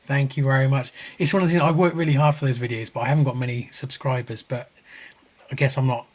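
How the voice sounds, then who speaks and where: On a video call, a man co-hosting a podcast chats casually while reading out viewer comments. His medium-pitched voice moves fast, and he frequently chuckles and begins his sentences over.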